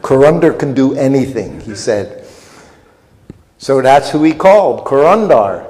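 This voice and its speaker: A man's voice: mid-range voice, expressive, normal speed, darkish tone, slight background noise. An older man telling a humorous, self-deprecating story as a festival speaker. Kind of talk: storytelling lecture. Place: festival hall. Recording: long reverb in a hall.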